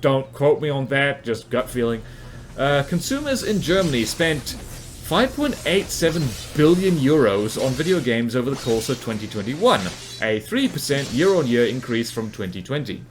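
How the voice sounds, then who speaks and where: A man's voice: mid-range voice, sing-song, moderate pace, over music. A man from New Zealand with a New Zealand accent, giving rambling, self-mocking commentary over his gameplay. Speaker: gaming commentator.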